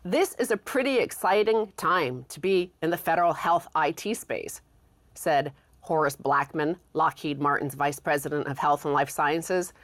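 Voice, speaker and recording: Measured woman reading news quotes. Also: low-pitched, fairly bright tone, no echo. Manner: measured, explanatory. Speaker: co-host. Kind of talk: talk show commentary, reading news quotes.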